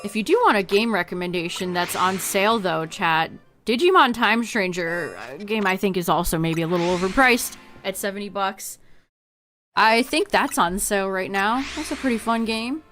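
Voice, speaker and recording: A woman's voice: mid-range voice, animated, normal speed, fairly bright tone, soft background music. A woman streaming a game, chatting casually with her viewers, laughing often and trailing off mid-sentence. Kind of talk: casual livestream chat to viewers.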